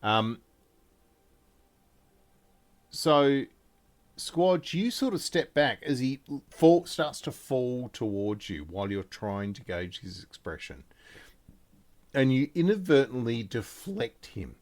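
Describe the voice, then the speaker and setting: A man narrating as game master of a tabletop game, in a relaxed, halting way with small fillers and restarts. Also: medium pitch.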